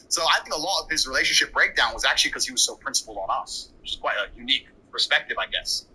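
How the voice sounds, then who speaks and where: Fast-talking brash husky man. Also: medium pitch, lively intonation, sharp tone, rough recording. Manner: brash, profane, quick anecdotal delivery. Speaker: podcast guest. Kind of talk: casual storytelling.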